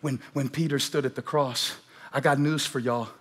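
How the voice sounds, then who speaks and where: A man preaching a sermon to a church crowd, starting hushed and building to shouting, repeating lines for emphasis. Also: medium pitch, steady tone, moderate pace, breathy edge. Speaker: pastor. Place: large church auditorium.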